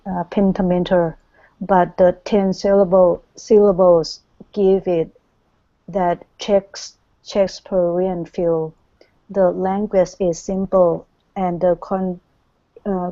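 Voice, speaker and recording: A woman student reads aloud in class, slowly and haltingly, and trips over longer words. Her voice is low, flat and mellow. The recording is dry and dull. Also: no room sound.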